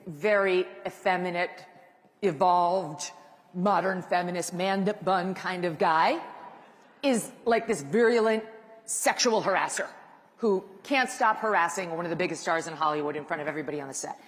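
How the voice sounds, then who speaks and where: Woman speaker, chatty and self-mocking, long reverb of a large hall. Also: lowish voice. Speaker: guest speaker. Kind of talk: casual stage talk.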